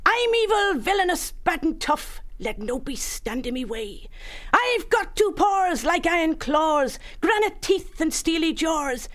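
A man voicing a boastful pantomime sea rat villain, declaiming in a rough pirate voice for a storybook. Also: very high-pitched, big pitch swings, measured pace, a bit bright, pitched above the performer's own voice, heavily acted. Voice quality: rough, growly pirate talk. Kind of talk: storybook narration.

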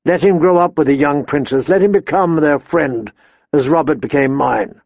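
A man reading the lines of a weary nobleman, solemn and firm, in a low, restrained voice. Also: normal speed, creaky, dry recording, muffled recording. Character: grave, weary nobleman and father.

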